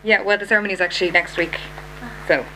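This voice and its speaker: A woman's voice: mid-range voice, fairly even intonation, fast talker, bright, forceful tone, slight background noise, poor audio. A woman journalist answering on stage in a pleased manner, laughing often. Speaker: award-winning journalist. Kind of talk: on-stage interview.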